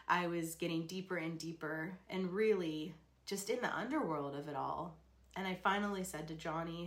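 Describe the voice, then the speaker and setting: Candid, laughing woman telling a story. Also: on the low side. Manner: candid and expressive, breaks into laughter, swears. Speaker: podcast host. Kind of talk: personal storytelling monologue.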